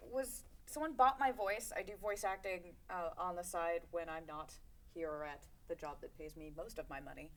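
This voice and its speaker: A woman's voice: fairly low pitch, normal speed. A tired woman, a guest player and voice actor, chatting with dry, self-deprecating humor. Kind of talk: casual livestream chat.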